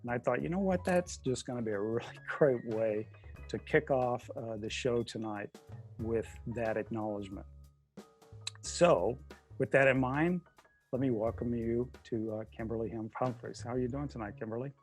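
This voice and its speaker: A man's voice: mid-range voice, normal speed, darkish tone, soft background music. A man hosting a casual interview over a video call, chatty and jokey, with plenty of filler words. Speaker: host.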